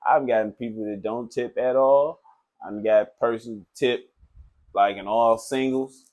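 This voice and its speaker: A man who works as a tattoo artist, telling a story in a loose, animated, profane way, full of filler phrases. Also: medium pitch, a little slow. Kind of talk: casual storytelling.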